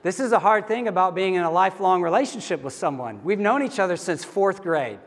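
A man's voice: high voice, expressive, brisk, long reverb tail. A middle-aged man preaching a sermon as a pastor, in a conversational, candid storytelling manner.

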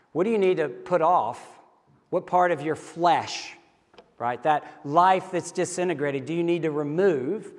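A man's voice: on the high side, measured pace. Middle-aged male pastor, echoing hall. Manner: conversational, candid storytelling. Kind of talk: sermon.

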